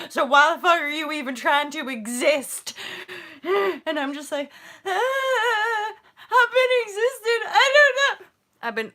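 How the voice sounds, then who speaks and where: A woman's voice: high-pitched, bright, forceful tone. A middle-aged woman talking on a livestream in a rambling, emotional way, full of fillers and swearing and swinging between laughter and tears. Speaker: host and founder of a spiritual movement. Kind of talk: casual livestream monologue.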